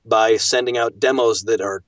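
Animated male narrator telling stories. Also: fairly low pitch, moderate pace, dry recording, recorded from a distance. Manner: animated storyteller, emphatic. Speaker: audiobook narrator as guest. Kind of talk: casual chat. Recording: dull lo-fi dry recording.

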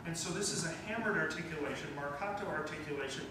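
A band clinician with a fairly high-pitched voice speaks quickly, asking questions and offering encouragement as he teaches a wind band in rehearsal. He's captured from far off in an echoey rehearsal room.

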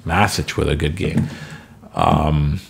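A man with a deep, low-pitched voice talks through a sports management game at home. His delivery is loose and chatty, wandering into side stories between plays. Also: steady tone, slow pace, gravelly, husky. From Canada. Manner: chatty, rambling asides. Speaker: gameplay commentator. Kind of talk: casual gameplay commentary.

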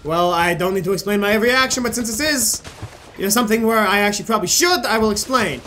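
A young man hosts a gaming channel, talking fast in a high-pitched, sharp voice. He rambles and jokes with plenty of swearing as he comments on his play, with faint game music in the background.

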